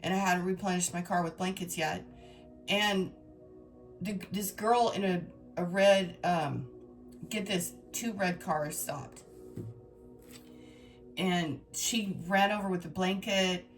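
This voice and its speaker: A woman with a fairly low voice tells her viewers a story in an emotional, rambling way. She is a tarot reader talking straight to her audience, and faint music plays behind her. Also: slow, pauses often. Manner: emotional, rambling, dramatic retelling.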